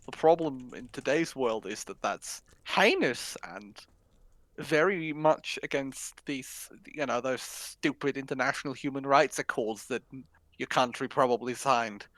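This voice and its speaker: A man in casual political chat on a podcast, with a mid-pitched voice. He talks offhandedly and swears freely. His voice sounds close and dry. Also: unhurried, fairly bright tone, dry recording, poor audio. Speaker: podcast co-host.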